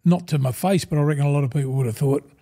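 A man's voice: a little high, very fast, warm tone. A man in his sixties with an Australian accent, a guest in a casual interview, telling rambling stories, acting out old conversations and calling the host "mate" at every turn. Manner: rambling, calls the host 'mate' constantly, acts out old conversations. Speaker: guest, former rugby league front rower.

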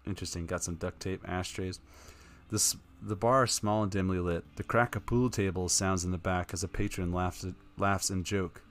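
A man's voice: low voice, fairly even intonation, moderate pace, fairly bright tone, slight background noise. A man streaming live, reading a text adventure aloud in a casual tone with wry asides.

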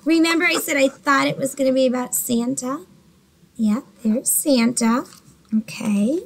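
A woman teacher giving a slow, patient, encouraging early reading lesson, talking to young children by name. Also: high-pitched, low-quality recording.

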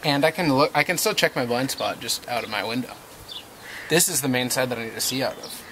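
A man's voice: medium pitch, a little fast, pushed and bright, a little hiss or hum. A man chatting casually on a vlog, laid-back and giving short replies. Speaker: vlogger's partner. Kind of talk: casual chat.

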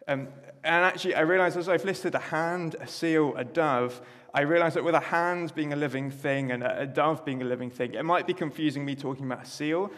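A man's voice: a little high, brisk, fairly bright tone. A man preaching a sermon in a church, chatty with self-deprecating asides. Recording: echoey church hall.

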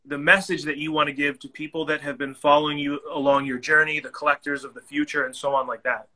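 A man's voice: fairly high pitch, flat delivery, quick pace, bright, forceful tone, rough recording. A man hosting a podcast interview, asking earnest, reflective questions. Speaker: podcast host.

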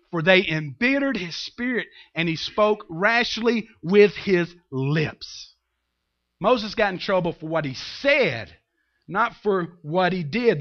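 Animated high-voiced preacher man. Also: highs cut off. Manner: animated storytelling, acting out biblical characters with humor. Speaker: pastor. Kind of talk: sermon.

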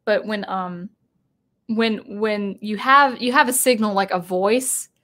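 A woman of medium pitch speaks slowly in a pushed, bright voice while hosting a casual live stream. She chats and rambles, restarting and correcting herself often, and reads viewer comments aloud.

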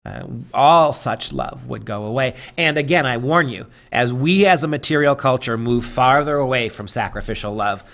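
A man giving an emphatic, preacherly lecture, moving between forceful stresses and hushed read-aloud passages from a story. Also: medium pitch, creaky.

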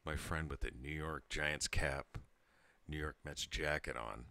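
A man's voice: rumbling low, fairly even intonation, unhurried, creaky, bright, forceful tone, no room sound. A tipsy man in his thirties telling a rambling story to his channel, laughing and breaking off mid-sentence. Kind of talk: casual storytelling monologue.

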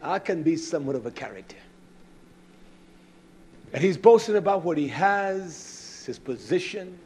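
A man's voice: on the high side, big pitch swings, a little slow, slightly rough. Fiery preacher man. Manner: preaching with sudden shouts and hushed asides, acts out dialogue. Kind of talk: fiery sermon.

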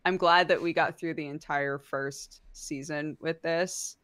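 A woman's voice: deep voice, fairly even intonation, a little slow, a bit bright, no room sound. A woman co-hosting a podcast, chatting casually with many fillers and laughing asides. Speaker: podcast co-host. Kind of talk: casual chat.

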